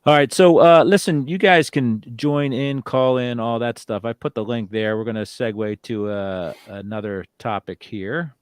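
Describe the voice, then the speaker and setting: A man's voice: medium pitch, fairly even intonation, normal speed, few pauses, smooth, no echo, clean studio sound. A man hosting a live call-in talk show, rambling casually with lots of fillers. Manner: rambling, filler-heavy, easygoing. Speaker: host.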